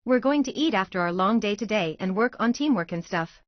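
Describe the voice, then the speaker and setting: A woman's voice: mid-range voice, animated, brisk, dry recording, lo-fi sound, close to an everyday voice. A woman voicing a secretive, lovesick teenage girl ninja with a whiny teen manner, in a fan-fiction story reading.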